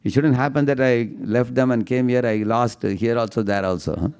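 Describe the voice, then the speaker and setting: A man giving a devotional storytelling lecture, chanting verses slowly and often asking the audience "huh?". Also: medium pitch, darkish tone, clear, resonant tone. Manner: chants verses in a slow singsong; tags lines with questioning "huh?" to the audience. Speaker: speaker giving a devotional class.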